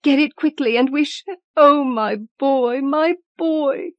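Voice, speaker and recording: A woman reader voicing a grieving old woman, crying out wildly and pleading in a high, strained voice. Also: slow, no echo, highs cut off. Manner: wild, shrill, pleading cries.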